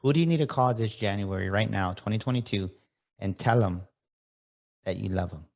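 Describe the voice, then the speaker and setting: Low-voiced man hosting a motivational podcast. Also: a little fast, creaky, a little mellow. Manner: preachy, rallies listeners directly. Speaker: podcast host.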